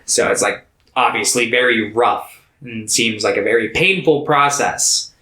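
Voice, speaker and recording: Bright-sounding guy rambling through a movie recap, lots of likes and ums, roomy echo. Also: mid-range voice, unhurried. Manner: loose, profane, filler-heavy recapping. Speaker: podcast co-host. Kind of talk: casual movie chat.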